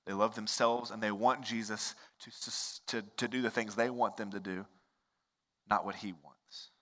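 A male pastor preaching a sermon in a conversational storytelling way, dropping to hushed lines and rising to loud, emphatic ones. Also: on the low side, steady tone, normal speed. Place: large church hall. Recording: long reverb of a large hall.

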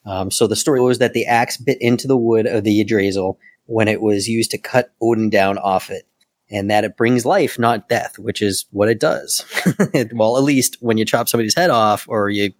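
A man's voice: lowish voice, normal speed, no echo. A man co-hosting a podcast, recapping a comic book in a rambling, casual way and laughing now and then. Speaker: podcast co-host.

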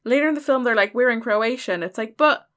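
A woman's voice: fairly high pitch, fast talker, a bit bright. Woman in a casual movie chat, sarcastic, keeps asking why. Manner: chatty, sarcastic, questioning. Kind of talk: casual film review chat.

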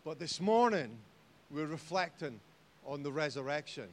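Animated Scottish preacher. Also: male voice, fairly high pitch, moderate pace. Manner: animated, jokey, rising to loud exhortation. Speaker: pastor. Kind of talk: sermon. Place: church hall.

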